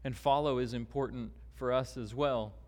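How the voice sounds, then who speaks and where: A man preaching a sermon as pastor, deliberate and emphatic, with long pauses. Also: medium pitch, fairly even intonation. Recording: long hall reverb.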